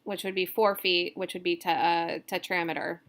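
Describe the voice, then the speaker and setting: A woman's voice: on the low side, flat delivery, normal speed, fairly bright tone. A woman instructor walking through poetry meter in a recorded lecture, explaining loosely with fillers and self-corrections.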